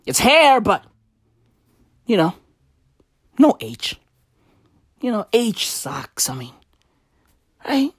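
A woman's voice: on the high side, big pitch swings, drawn-out words, pauses often, slightly rough, no echo, clean studio sound. A woman delivering a profane comedic rant in a drawling, slangy voice with lots of repetition. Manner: drawling, slangy, swears a lot, repeats lines. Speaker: comedic ranter.

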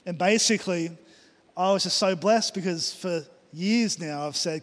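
Pastor preaching with fervour, ringing hall. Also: male voice, on the high side, steady tone, normal speed. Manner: enthusiastic, emphatic preaching with repeated phrases. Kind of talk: sermon. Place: church hall. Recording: long hall reverb.

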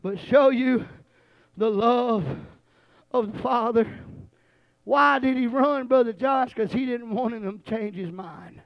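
A male preacher, telling a story in a sermon and building from low storytelling to shouted, drawn-out, repeated lines. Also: vocal fry, dry recording, highs cut off.

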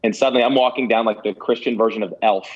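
A man's voice: fairly low pitch, fairly even intonation, quick pace, over a noisy crowd. Guy sharing a heartfelt story, kinda laughing at himself, trips over words, muffled lo-fi sound. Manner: earnest, self-deprecating, stammering restarts. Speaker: guest telling a ministry story. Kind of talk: candid personal storytelling.

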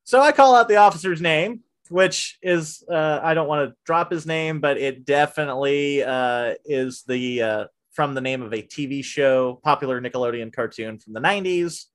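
A man in casual conversation, animatedly telling a story from his job managing a theater, often dropping to hushed asides when quoting himself. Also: on the high side, moderate pace, few pauses.

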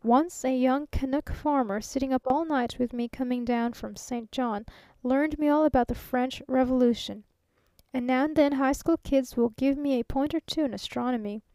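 A woman's voice: high-pitched, normal speed, warm tone, smooth, no room sound. A woman voicing a chatty, folksy, fat male traveling salesman near fifty, earnest and talkative.

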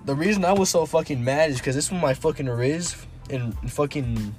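A brash teenage guy with a slightly high voice, trading crude jokes and swearing constantly in a loose hangout chat. Faint music plays behind him. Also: normal speed, a little mellow. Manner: brash, swears a lot, jokey. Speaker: podcast co-host. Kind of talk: casual chat.

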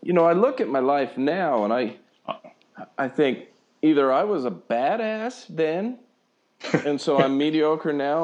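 A man's voice: on the high side, lively intonation, measured pace, darkish tone, highs cut off. A man in casual chat, musing aloud with self-deprecating humor and a few restarts. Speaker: conversation partner.

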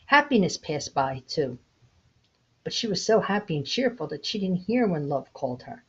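A woman in her sixties hosting her own podcast, gently telling a parable in an unhurried, reflective way. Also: deep voice, big pitch swings, slightly rough. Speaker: podcast host. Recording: dull lo-fi home recording.

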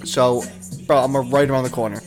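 A man's voice: medium pitch, fairly quick, faint music behind. Profane storytelling podcast guy. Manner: profane, animated storyteller acting out voices. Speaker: podcast co-host. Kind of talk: casual storytelling chat.

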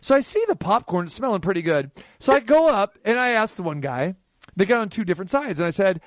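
High-voiced animated male radio host. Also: fairly quick, dry recording, clean studio sound. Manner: animated storyteller acting out quoted dialogue. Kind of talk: casual storytelling chat.

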